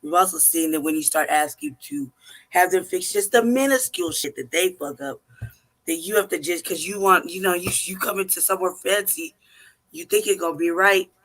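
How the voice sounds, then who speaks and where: A man telling a story in casual chat, animated and rambling, swearing freely and full of fillers. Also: sits high, brisk.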